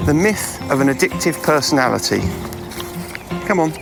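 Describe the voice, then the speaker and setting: A man's voice: on the high side, lively intonation, moderate pace, creaky. A man reading a scripted podcast intro, posing rhetorical questions to the listener. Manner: rhetorical, presenting. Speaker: podcast host. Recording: intro voice with music bed.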